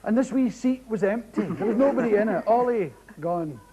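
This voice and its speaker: A Scottish man doing a stand-up storytelling set, lively and animated, often mimicking others in sharp high voices. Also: moderate pace, breathy edge, muffled recording. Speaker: comedian. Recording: 1980s TV audience show, loud crowd and noise. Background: loud audience laughter.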